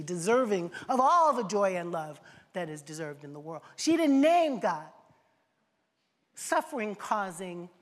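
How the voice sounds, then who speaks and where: Impassioned woman preaching in a reverberant hall. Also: fairly low pitch. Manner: impassioned, rhetorical questions, repeated phrases. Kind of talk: sermon. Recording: long reverb of a large hall.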